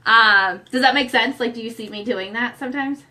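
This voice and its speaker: Woman, young adult, bright tense voice, earnest, emotional, halting with fillers, candid couple chat. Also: a little high. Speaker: co-host, sharing her own experience.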